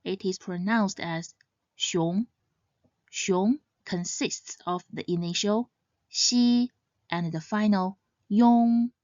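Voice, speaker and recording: A woman teaching Mandarin pronunciation in scripted narration, saying each example syllable louder and higher. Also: slow, dry recording. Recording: slightly dull, dry sound.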